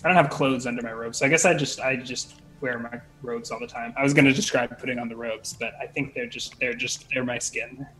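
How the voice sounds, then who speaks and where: A man's voice: mid-range voice, steady tone, fairly quick, hardly any pauses, fairly bright tone, rough recording. A man chatting casually as a tabletop game player, rambling and breaking off his own sentences. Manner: chatty, rambling, self-interrupting.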